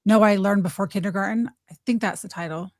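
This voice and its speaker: A woman's voice: mid-range voice, fast talker, no echo. A woman guest speaking earnestly in casual chat, giving advice with rambling restarts. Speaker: podcast guest.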